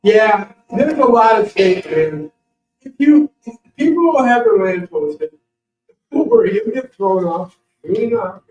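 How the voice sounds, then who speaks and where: Animated man telling stories in a roomy hall. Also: high-pitched, measured pace, soft background music. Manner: rambling, animated, anecdotal. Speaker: guest speaker, morel hunting champion. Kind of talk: casual storytelling talk to an audience. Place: library meeting room. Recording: roomy, distant, dull room recording.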